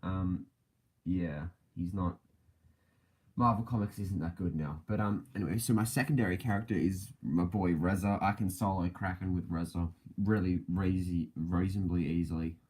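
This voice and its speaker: A man's voice: low voice, steady tone, normal speed, darkish tone, slightly rough. A man hosting a casual podcast livestream, rambling with many fillers and self-corrections and laughing often between thoughts. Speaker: podcast host.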